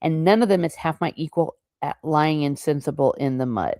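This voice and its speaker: A sour, self-mocking young prince, read out by a woman in a lowish, dry voice. He sounds idle and wry, with little effort behind his words. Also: moderate pace, mellow, no echo, lightly acted.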